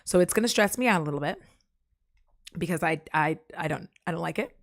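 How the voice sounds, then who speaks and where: A woman's voice: on the low side, animated, a little fast, creaky, no echo, clean studio sound. A woman chatting casually on her live stream, rambling from topic to topic and cracking jokes and puns. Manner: jokey, rambling, fond of puns. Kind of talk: casual chat.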